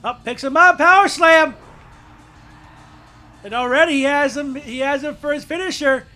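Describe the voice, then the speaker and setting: A man commentating his wrestling video game play-by-play, shouting in mock outrage and calling out to the audience. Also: very high voice, normal speed, soft background music. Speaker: gameplay commentator.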